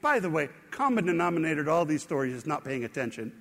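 A man with a notably high voice gives a sermon in a church sanctuary, and his words ring out with a long reverb. He tells stories about his own mishaps with easy, self-deprecating humor before he turns to praise. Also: sing-song, quick pace, fairly bright tone. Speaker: pastor.

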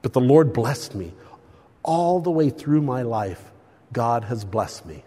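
An older man preaching a sermon, telling stories with lively swings between loud and hushed delivery. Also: medium pitch, slow, husky, long reverb tail.

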